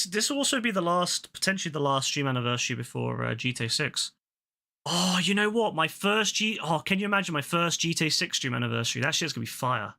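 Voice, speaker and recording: Excitable man, bright voice. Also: on the high side, creaky. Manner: excitable, slangy, swears casually. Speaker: game streamer. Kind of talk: live gameplay stream, chatting with chat.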